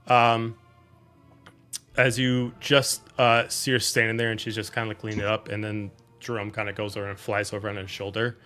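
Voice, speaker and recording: Bright-voiced man running a tabletop game. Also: fairly low pitch, little pitch movement, moderate pace, faint music behind. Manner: loose, filler-heavy narration with restarts. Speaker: game master.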